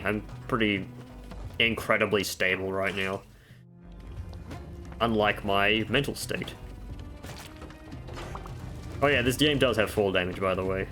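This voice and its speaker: Gaming creator, male, deeper voice, easygoing commentary with self-deprecating asides over quiet game music. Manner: chatty, explains game tips with offhand self-mocking jokes. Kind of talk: casual gameplay commentary. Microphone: desk microphone.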